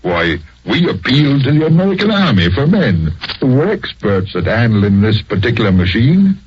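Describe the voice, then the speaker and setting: A man's voice: medium pitch, normal speed, a little hiss or hum, lightly acted. A man playing a folksy, talkative farmer in a 1940s radio drama, on a dull old recording. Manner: folksy, storytelling, lively. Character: talkative older English farmer.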